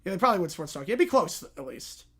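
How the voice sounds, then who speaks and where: A young man hosting a casual livestream, answering viewer questions with quick reactions and frequent "yeah"s. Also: high-pitched, very animated, fairly bright tone, breathy edge. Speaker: livestream host reading chat.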